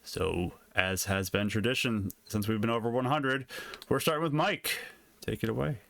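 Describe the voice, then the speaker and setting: A man hosting a tabletop game stream, welcoming the audience in an unhurried way. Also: lowish voice, vocal fry, fairly bright tone, dry recording. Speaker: host. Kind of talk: casual show intro.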